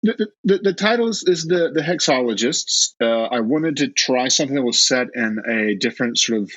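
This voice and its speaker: A man with a Southern US accent, an author chatting in an interview, self-deprecating and halting with many restarts. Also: mid-range voice, lively intonation, a bit bright, no room sound, muffled recording. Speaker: guest author. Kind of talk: casual interview chat.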